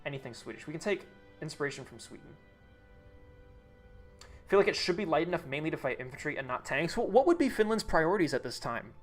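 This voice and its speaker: A man's voice: on the high side, big pitch swings, fast, long pauses, soft background music. A young man streaming live, thinking aloud, reading chat and restarting sentences as he goes.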